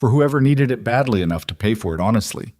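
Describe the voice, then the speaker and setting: A man voicing a calm, guarded middle-aged protector in an audiobook, speaking flatly and without inflection. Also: medium pitch, no echo, clean studio sound, lightly acted. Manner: flat, measured, unemotional. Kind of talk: audiobook character voice.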